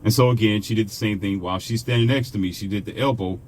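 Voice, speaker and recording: A man's voice: lowish voice, fast. A man from the United States, a vlogger telling a personal story in a chatty, conversational way with asides to the viewer. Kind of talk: casual storytelling monologue.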